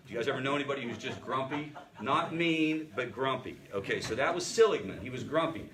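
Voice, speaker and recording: A man's voice: medium pitch, expressive, fairly quick, fairly bright tone. A man leading a family recovery support group, teaching through stories in a conversational way, often asking the group questions and restarting his sentences.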